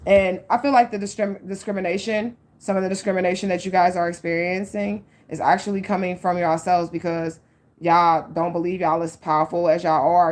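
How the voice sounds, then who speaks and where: A woman's voice: fairly low pitch, a little mellow. A woman giving a casual psychic tarot reading to her viewers. She speaks frankly and swears freely, fills her talk with "like" and "okay," and addresses the audience directly and earnestly. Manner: frank and profane, with many likes and okays.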